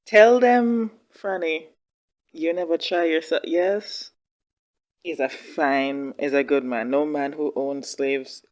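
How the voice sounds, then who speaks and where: A woman hosts a reaction video in a casual, heartfelt way, often exclaiming and repeating her words. Her voice sits somewhat low. She swings between gushing and frustrated commentary. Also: slow, a little mellow.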